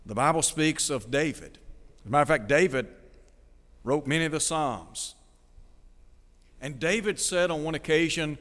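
Higher-voiced male preacher, echoing hall. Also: normal speed, pauses often, a bit bright. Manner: asks the listeners rhetorical questions. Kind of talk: sermon.

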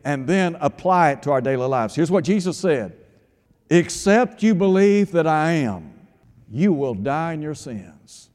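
A man's voice: a little high, a little mellow. A man preaching a radio sermon with emphatic delivery, asking rhetorical questions and quoting scripture. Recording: long hall reverb.

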